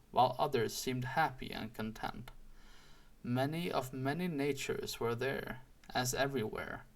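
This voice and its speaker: Slow, gravelly male storybook reader. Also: medium pitch. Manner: slow, deliberate and expressive. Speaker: audiobook reader. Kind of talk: storybook read-aloud narration.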